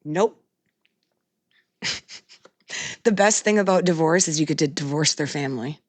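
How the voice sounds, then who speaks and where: A woman's voice: low-pitched, unhurried, no echo. A middle-aged woman co-hosting a podcast in casual chat, blunt and swearing freely, laughing often. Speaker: podcast co-host.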